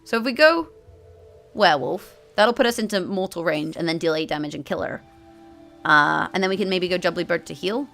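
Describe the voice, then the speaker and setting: A woman's voice: fairly low pitch, expressive, fairly quick, vocal fry, a bit bright, faint music behind. A woman hosting a card game video, chatting to her viewers about strategy as she plays and often correcting herself mid-sentence. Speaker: gaming video host. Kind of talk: card game play-through commentary.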